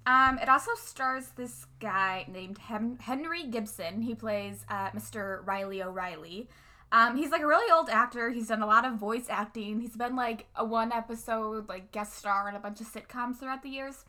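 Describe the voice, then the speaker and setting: A woman's voice: fairly high pitch, moderate pace, sharp tone. A young woman co-hosting a podcast in casual chat, chatty and giggly with lots of ums. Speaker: podcast co-host.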